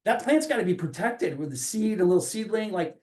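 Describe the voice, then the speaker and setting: A man's voice: high-pitched, lively intonation, brisk, a little mellow. A man in his forties, a coach talking earnestly in a reflective podcast, often restarting his phrases as he thinks aloud. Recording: roomy echo.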